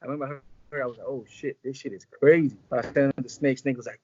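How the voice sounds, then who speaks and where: A man's voice: medium pitch, fairly even intonation, fast talker, darkish tone, breathy edge, no echo. Slangy man telling stories, muffled sound. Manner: loose, rambling, slangy, acts out quotes. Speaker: music executive guest. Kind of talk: casual storytelling interview.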